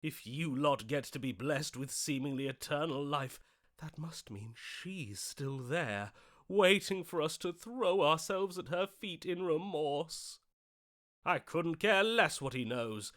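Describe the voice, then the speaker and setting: A lovestruck, melodramatic game figure, pining and fretting with theatrical devotion. The voice sits a touch high for a man, and the delivery swings between longing and impatient command. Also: animated, slow pace, a bit bright. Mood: lovesick, urgent. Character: lovestruck dramatic male voice of devotion. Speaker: game character voice. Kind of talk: video game voice acting.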